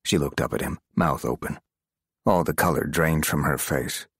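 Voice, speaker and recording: A man narrating a thriller audiobook in a measured, dramatic reading. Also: a bass voice, vocal fry, fairly bright tone, husky, no room sound, studio quality. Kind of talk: scripted narration.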